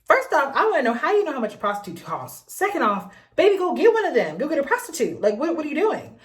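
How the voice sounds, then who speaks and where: A young adult woman telling a dating story in a vlog, sassy and animated, with laughing asides. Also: high voice, fast talker. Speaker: vlogger.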